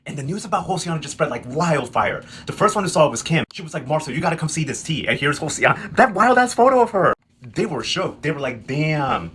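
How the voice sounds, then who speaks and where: Fast, sassy man recapping. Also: fairly high pitch, a bit bright, slight background noise. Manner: sassy, slangy, quotes characters in quick put-on lines. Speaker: recap host. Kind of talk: casual comedic recap narration.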